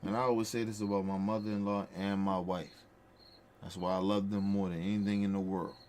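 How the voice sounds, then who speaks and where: A podcast host with a lowish, darkish voice tells stories in casual chat, speaking fairly quickly with flat delivery. Blunt, profane and heartfelt, he drives each point home by repeating it, over a faint background hiss.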